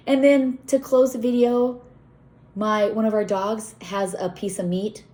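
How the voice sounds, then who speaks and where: A woman's voice: medium pitch, fairly even intonation, measured pace, warm tone. A middle-aged woman who owns a farm, chatting casually and rambling as she gives a tour outdoors in the cold, often talking to her animals. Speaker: farm owner and vlogger.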